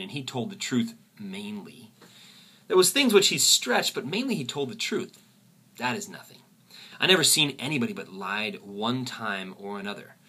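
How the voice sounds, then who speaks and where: A man's voice: fairly low pitch, sharp tone, husky, full character voice. A man reading aloud as a plainspoken young boy telling his own story in a folksy way.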